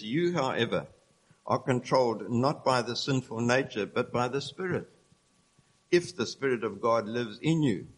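A man preaching a sermon, explaining scripture in an earnest, steady way and reading verses aloud. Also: mid-range voice, slightly rough, rough recording.

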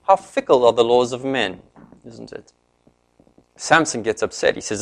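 A man preaching a sermon, retelling a story in an animated way and briefly voicing each character's lines. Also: mid-range voice, normal speed.

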